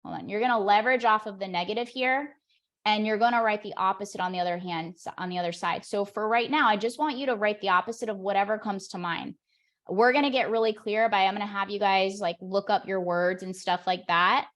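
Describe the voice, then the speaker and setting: A woman performance coach leading an online workshop over a video call, talking straight to her audience in an energetic, encouraging way. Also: mid-range voice, a little fast.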